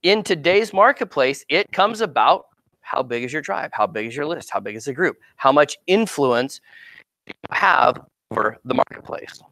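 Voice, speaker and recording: A middle-aged man giving an informal marketing seminar in a lively, conversational way, often checking in with "right?". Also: medium pitch, normal speed, no room sound. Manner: conversational, animated, keeps asking "right?". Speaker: marketing speaker and actor coach.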